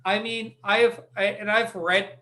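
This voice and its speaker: A man hosting a casual podcast as dungeon master, animated and swearing freely as he explains things. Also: sits high. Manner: animated, swears freely, talks in quick restarts.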